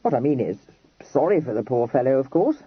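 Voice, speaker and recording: A man's voice: mid-range voice, very animated, a little fast, slightly rough, dry recording. A man doing a clipped, slangy young dandy. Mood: blunt. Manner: clipped slangy phrases, dropping words. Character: mild young Regency dandy, blunt and fond. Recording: dry, dull lo-fi recording.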